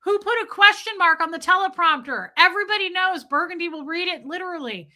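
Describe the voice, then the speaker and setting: A woman doing a yelling, exasperated newsroom boss. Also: very high voice, fairly quick, voice pushed up, exaggerated voice. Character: shouting exasperated male TV news boss.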